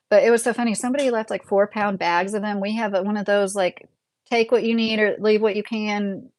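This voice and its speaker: A woman's voice: mid-range voice, no room sound. A woman hosting a podcast, chatting casually and rambling with lots of filler words. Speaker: podcast host. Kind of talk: casual personal chat.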